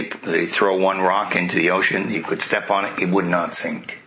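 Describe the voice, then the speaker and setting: A man's voice: low voice, bright, forceful tone. A man retelling a sacred epic as a spiritual teacher, talking conversationally and turning aside to question his listeners. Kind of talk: retelling scripture with commentary. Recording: muffled lo-fi recording, faint hiss.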